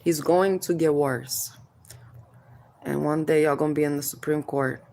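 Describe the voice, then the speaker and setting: This mother's deep, dark voice has vocal fry, fairly even intonation and a measured pace as she vents on camera about child services. She confronts officials directly, keeps asking "hmm?", calls listeners "baby" and issues spiritual warnings.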